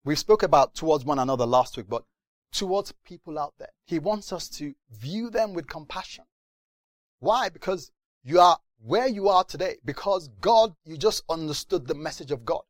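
A man's voice: fairly high pitch, normal speed, no echo. A man preaching a sermon, telling stories animatedly and acting out voices. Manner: animated storytelling with acted voices.

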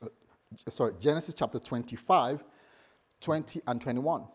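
A man's voice: mid-range voice, moderate pace, breathy edge. A man preaching a sermon as a pastor, conversational and jokey, often laughing at himself.

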